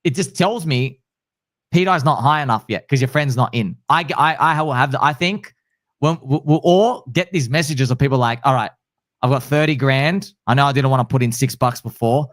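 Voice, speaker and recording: A male host chatting casually, excitable and slangy, acting out what others say. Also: mid-range voice, normal speed, no echo, studio quality. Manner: excitable, slangy, acts out quotes. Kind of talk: casual chat.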